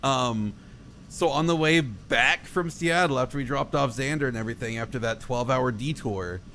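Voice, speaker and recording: A young man telling a road-trip story on a podcast, swearing a lot and acting out his own shouts. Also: mid-range voice, moderate pace, slight background noise. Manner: profane, animated, acts out his own shouts. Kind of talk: casual storytelling chat.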